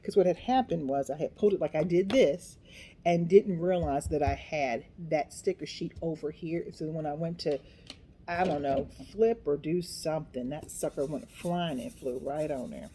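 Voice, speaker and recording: This craft vlogger, a middle-aged woman, has a deep, dark-toned voice and a moderate pace, with slight background noise behind her. She chats and rambles while crafting, talking to herself and making fun of herself along the way.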